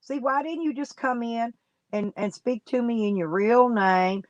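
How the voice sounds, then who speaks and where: A woman's voice: a little high, a little slow, dry recording, dull audio. A woman streaming live, chatting casually with her viewers and gossiping about people in her chat in folksy, colloquial talk.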